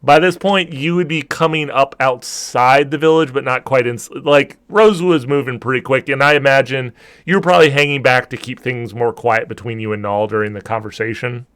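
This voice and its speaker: A man's voice: mid-range voice, normal speed, fairly bright tone, clear, resonant tone. A man narrating as game master of a tabletop role-playing game, describing scenes in a loose, rambling way with many restarts.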